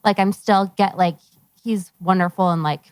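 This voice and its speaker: A woman's voice: mid-range voice, fairly even intonation, moderate pace, clear, resonant tone, no room sound. A woman in the audience at a live talk asking a question, hesitant and searching, with many fillers. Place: live event at a members' club.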